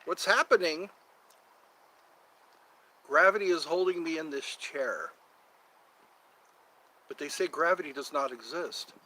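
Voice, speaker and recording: A man hosting a casual outdoor live stream, rambling to his viewers and to a cat nearby. His voice sits a little high and sounds bright and forward. He talks slowly and drifts into sung lines from old tunes. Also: low-quality recording. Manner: rambling, sings snatches of songs, chats to viewers and a cat. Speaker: livestream host. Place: outdoors near a yard or forest edge.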